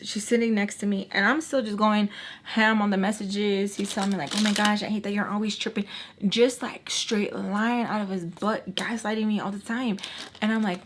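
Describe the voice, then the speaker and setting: A young woman telling a personal story in casual storytime chat, animated and full of fillers, dropping into whispers now and then. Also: medium pitch.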